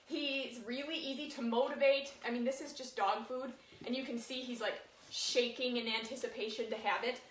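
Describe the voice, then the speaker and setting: A woman's voice: on the high side, fairly even intonation, moderate pace, fairly bright tone, a little hiss or hum. A woman dog trainer giving a casual lesson, talking chattily and showing points with her dog as she explains. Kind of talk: casual instructional talk. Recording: echoey room, voice from a distance.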